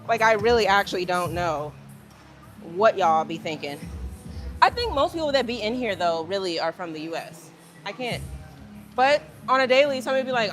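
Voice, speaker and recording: A woman's voice: medium pitch, expressive, moderate pace, soft background music. Chatty young woman livestreaming at the gym. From Virginia, United States. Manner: chatty, addresses viewers as y'all. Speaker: livestreaming fitness creator. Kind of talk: casual livestream chat at the gym. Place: gym, indoors.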